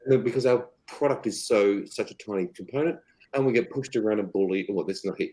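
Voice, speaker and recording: A man with an Australian accent, a guest on a casual podcast interview, rambling and animated as he tells stories. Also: on the low side, fast, low-quality recording. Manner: animated, rambling, quotes others in acted voices. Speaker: association chief guest.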